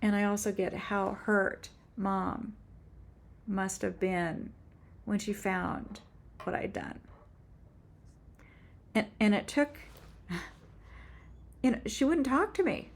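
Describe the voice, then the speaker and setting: A woman in her seventies telling a heartfelt personal faith story on her own channel, halting and earnest with frequent restarts. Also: mid-range voice, creaky. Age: 70s. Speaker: author and YouTuber. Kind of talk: personal faith testimony vlog.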